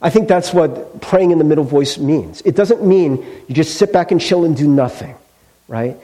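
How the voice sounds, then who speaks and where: A man's voice: a little high, moderate pace, warm tone. A male pastor preaching a sermon in a conversational storytelling way, with casual fillers.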